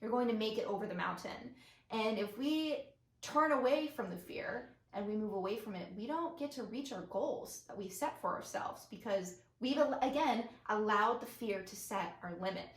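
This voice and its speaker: A young woman co-hosting a podcast, telling stories in an animated, expressive way. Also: medium pitch, normal speed. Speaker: podcast co-host, daughter. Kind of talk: casual chat. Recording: roomy echo.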